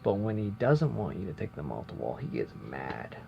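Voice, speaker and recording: Gravelly low-voiced man telling a story. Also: huge pitch swings, moderate pace, faint music behind. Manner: rambling, chatty, self-interrupting. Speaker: vlogger. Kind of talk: casual storytelling vlog. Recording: dull lo-fi sound with faint noise.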